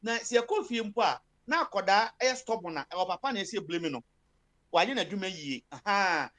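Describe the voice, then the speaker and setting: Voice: mid-range voice, expressive, a little fast, fairly bright tone. A speaker with a Ghanaian accent giving impassioned political commentary, switching between Twi and English with many fillers and emphatic bursts.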